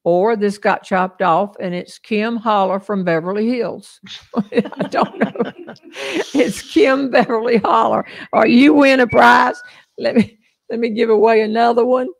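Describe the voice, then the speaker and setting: A woman's voice: fairly high pitch, steady tone, unhurried, gravelly, a little hiss or hum. Chatty older Southern woman. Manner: chatty, folksy, laughs often. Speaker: host. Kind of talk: casual live-stream chat.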